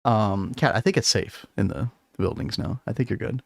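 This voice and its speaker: A man's voice: lowish voice, expressive, brisk, creaky, no room sound. Gaming streamer, male, casual and laughing, dry close mic. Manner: chatty, laughs often, talks to chat. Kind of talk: casual gaming livestream chat.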